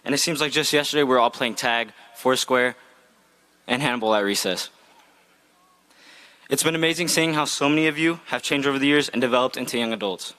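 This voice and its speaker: A man's voice: medium pitch, a little fast, bright, forceful tone. A young man, a graduating student, giving an earnest, heartfelt graduation speech read from a script. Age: young adult. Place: outdoor graduation ceremony.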